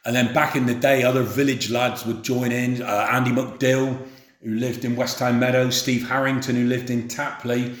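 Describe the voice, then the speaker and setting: A middle-aged man from England telling memories of his youth in an unhurried, plain-spoken way. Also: mid-range voice, flat delivery. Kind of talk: spoken memoir. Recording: roomy echo.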